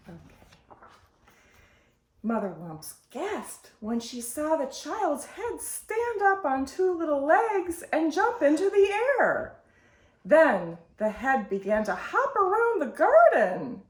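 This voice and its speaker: A woman hosting storytime, reading a picture book aloud in a slow, expressive way. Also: high voice. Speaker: storytime host. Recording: roomy echo.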